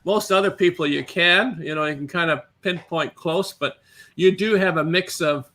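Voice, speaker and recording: A man with a high, gravelly voice chats on a video call. His tone is bright and edgy, and he talks in an easygoing, joking way. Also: moderate pace. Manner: easygoing, joking, backchannels a lot. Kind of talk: casual chat.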